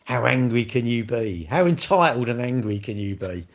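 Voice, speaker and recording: A man's voice: mid-range voice, expressive, moderate pace. An older man, chatting casually with viewers on a livestream, blunt and joking, swearing freely. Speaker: livestream host.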